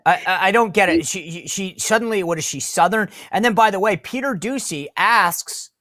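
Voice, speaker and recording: A man's voice: sits high, normal speed, pushed and bright, no room sound. A man hosting a podcast, giving casual political commentary in an emphatic way and stumbling over repeated words when worked up. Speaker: podcast host.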